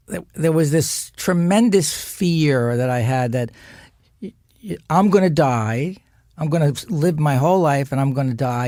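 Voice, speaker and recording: A man, a podcast guest, telling an animated, profane family story. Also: a little high, no room sound, studio quality. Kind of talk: anecdotal storytelling.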